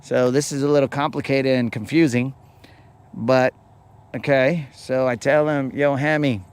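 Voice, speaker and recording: A man's voice: mid-range voice, fairly even intonation, measured pace, a little mellow, smooth. A man hosting a fishing show who tells a rambling, playful story in casual slang. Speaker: fishing podcast host.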